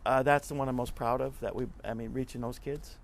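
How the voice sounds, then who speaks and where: A man's voice: mid-range voice, steady tone, fairly quick, creaky. A man guest in an interview, telling stories in an earnest, conversational way and often repeating words as he talks. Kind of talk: conversational storytelling.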